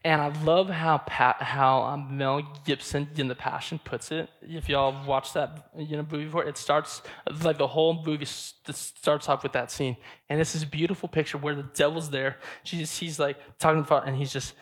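A man's voice: on the high side, flat delivery, normal speed, hardly any pauses, fairly bright tone. A man preaching a sermon in a casual, emphatic way, often restarting his sentences.

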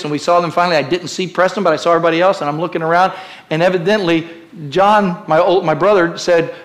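A high-voiced middle-aged man delivering a sermon in an impassioned, preaching style. He tells stories and then climbs into ringing shouts. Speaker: pastor.

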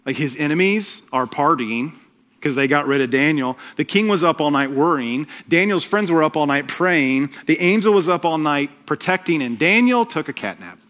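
A man preaching a sermon as pastor, telling the story with humor and lively asides. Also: fairly high pitch, normal speed.

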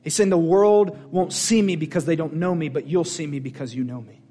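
A man preaching a sermon in a folksy, plain-spoken way, swinging from loud emphatic declarations to quiet intimate prayer. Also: on the high side, fairly quick, slight background noise. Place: church service.

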